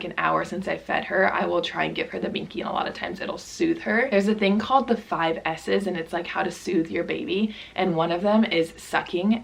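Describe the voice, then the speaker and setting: A young woman with a hoarse, dry throat chatting casually to camera at home about baby gear, keeping her voice down. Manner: chatty, apologetic, lowers voice to stay quiet. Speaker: parenting vlogger. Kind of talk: casual vlog talk to camera. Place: at home indoors.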